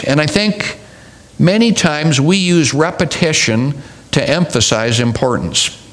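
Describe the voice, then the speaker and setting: A man's voice: a little high, fairly bright tone. A man preaching a sermon, stressing his points by repeating key phrases. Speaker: pastor.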